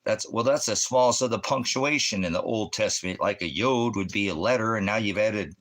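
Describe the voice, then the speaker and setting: A man's voice: lowish voice, normal speed, a bit bright. A man preaching in a ranting religious monologue, combative and full of rhetorical questions.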